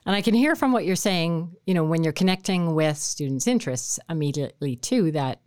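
A woman hosts a podcast interview with a slightly low voice that moves a lot in pitch. She asks questions in a curious, conversational way, in a dry, close sound. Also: expressive, brisk, darkish tone, dry recording. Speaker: podcast host.

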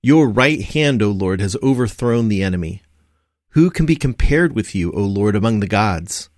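A man reciting psalms, canticles and scripture for evening prayer in a steady, reverent, measured way, pausing between phrases. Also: lowish voice, no echo, studio quality. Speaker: liturgical reader. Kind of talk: measured liturgical scripture reading.

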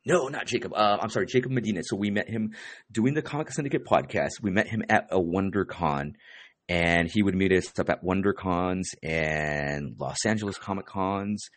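A man hosting a podcast in casual chat, laid-back, calling people "dude" and filling pauses with "um". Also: low-pitched, no echo. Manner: laid-back, says "dude" a lot, many fillers. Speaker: podcast host.

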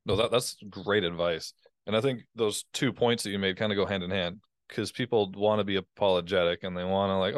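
A man's voice: fairly low pitch, fairly even intonation, brisk, clear, resonant tone, no echo, clean studio sound. A man hosting a podcast, agreeing readily and mimicking apologetic callers. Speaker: podcast host. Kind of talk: casual interview talk.

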